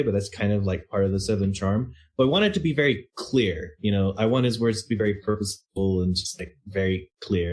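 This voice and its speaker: A man's voice: lowish voice, a little mellow. A man in a casual podcast chat, thinking aloud and rambling with lots of fillers. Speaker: actual-play podcast cast member.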